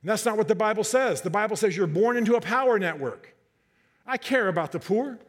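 A man preaching a sermon to a congregation, animated and joking, often repeating and restarting his words. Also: high-pitched, brisk. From Southern United States, half his family.

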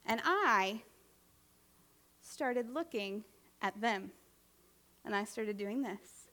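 A woman preaching a sermon in a conversational, animated way, often asking the congregation questions. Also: fairly high pitch, unhurried, pauses often.

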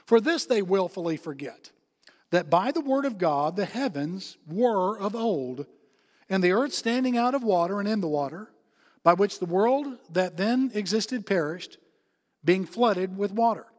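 Male pastor, high voice, emphatic sermon delivery, long reverb of a big hall. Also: expressive, a little slow. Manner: emphatic, repeats key phrases, drops to soft tones for comfort.

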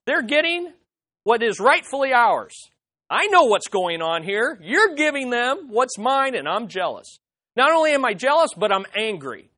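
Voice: high-pitched, big pitch swings, a little slow, a bit bright, pitched above the performer's own voice, exaggerated voice. A preacher putting on an indignant, entitled crowd. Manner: indignant, complaining. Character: resentful self-righteous crowd, indignant and entitled. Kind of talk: sermon.

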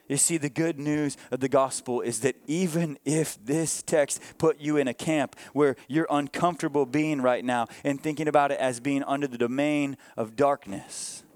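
A man pastor preaching a sermon with earnest emphasis, moving between raised passages and hushed ones, with conversational asides to the congregation. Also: mid-range voice, normal speed.

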